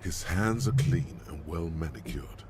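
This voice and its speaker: Rumbling inner detective voice. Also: male voice, darkish tone, a little hiss or hum. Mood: ominous. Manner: grave, measured narration. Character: man's deep inner voice of a detective's mind.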